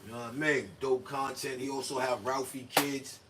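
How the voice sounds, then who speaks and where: Flat delivery, a mid-range voice, and a moderate pace mark this male livestream host. His casual stream commentary rambles in loose slang with acted-out quoted asides, and a faraway mic catches faint room noise.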